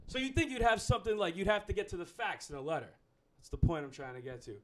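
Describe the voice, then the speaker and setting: A man's voice: sits high, quick pace, hardly any pauses. A man doing a stand-up comedy set, rambling, profane and self-mocking.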